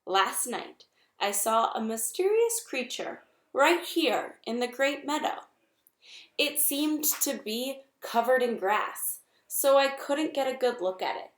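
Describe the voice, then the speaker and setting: Storybook owl, male, screechy and alarmed, read by a woman; raised pitch, echoey room. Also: animated, slow. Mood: urgent.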